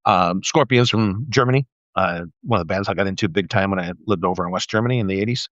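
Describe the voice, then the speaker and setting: A man's voice: low voice, quick pace, fairly bright tone, no echo. An older man ranting on a livestream about politics, profane and mocking, stammering into restarts when he gets heated. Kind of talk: angry political rant on a livestream. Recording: dull dry lo-fi livestream audio.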